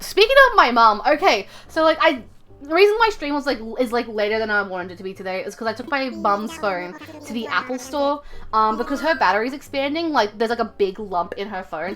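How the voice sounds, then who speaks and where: A woman's voice: a little high, lively intonation, a little fast, fairly bright tone. A woman from Australia, chatting casually on a live stream, rambling with lots of fillers and frequent swearing.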